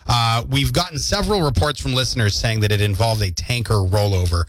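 A mid-range male voice, slightly quick, comes through dry on a studio microphone. The man hosts a morning radio program, joking playfully while reading listener comments and news updates.

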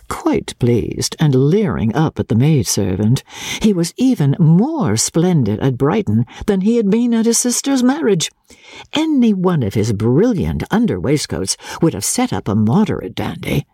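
An audiobook reader narrating a classic novel in a theatrical, varied way with soft chuckles, close to the mic. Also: medium pitch, wildly swooping pitch, measured pace, husky, no echo.

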